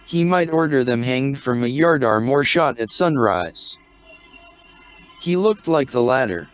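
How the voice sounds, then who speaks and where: A man reading a short story aloud in a measured, scripted narration. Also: mid-range voice, expressive, soft background music. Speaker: audiobook narrator. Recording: dry, dull lo-fi recording.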